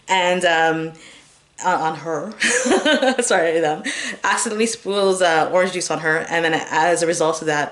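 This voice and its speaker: Low-voiced chatty woman reviewing movies. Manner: rambling, chatty, lots of fillers and giggles. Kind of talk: casual chat.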